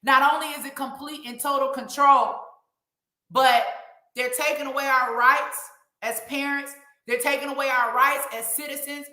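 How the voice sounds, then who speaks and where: A woman hosting a live online show speaks in a high, steady, sharp voice at a moderate pace. Her impassioned livestream commentary is emphatic and preachy, and she calls out to her viewers from an echoey room.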